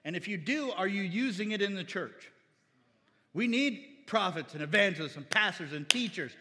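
Bright-voiced preacher exhorting in a hall. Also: male voice, high-pitched, animated, moderate pace. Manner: exhorting, calls for amens, quotes scripture. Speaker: pastor. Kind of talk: sermon. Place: church hall. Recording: reverberant church hall.

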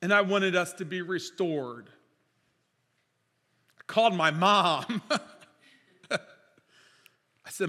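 A man preaching a sermon as pastor, impassioned, swinging between loud declarations and quiet storytelling. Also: high-pitched, slow pace, long pauses. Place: church sanctuary. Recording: reverberant church hall.

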